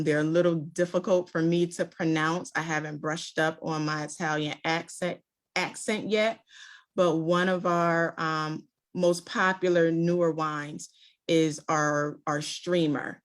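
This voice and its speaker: A woman giving a relaxed, chatty wine presentation over a video call. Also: deep voice, slow. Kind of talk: virtual tasting presentation. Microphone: video call mic.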